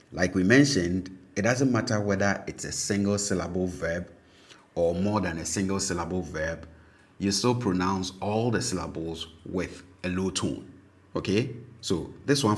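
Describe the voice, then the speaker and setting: A man with a Ghanaian accent teaching a language lesson, explaining patiently and repeating words slowly with frequent check-ins. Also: low-pitched.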